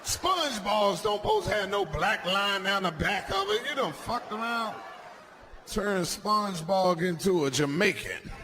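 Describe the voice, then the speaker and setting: A stand-up comedian man with a high-set voice, speaking with loud, brash swings between low growls and shouts. Faint room noise sits under his set. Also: very animated, unhurried. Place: comedy stage with live audience.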